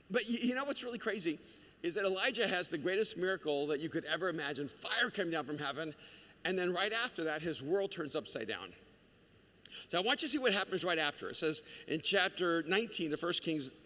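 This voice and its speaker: Middle-aged guy preaching, high bright voice, lots of restarts and jokes, big echoey hall. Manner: animated storytelling with humor and many restarts. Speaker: pastor. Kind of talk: sermon. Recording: reverberant hall recording.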